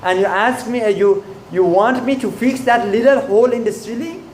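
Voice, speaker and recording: A man's voice: a little high, lively intonation, unhurried, a little mellow, echoey room, slight background noise. A man voicing a short-tempered, proud male emperor who scolds in a raised, indignant voice.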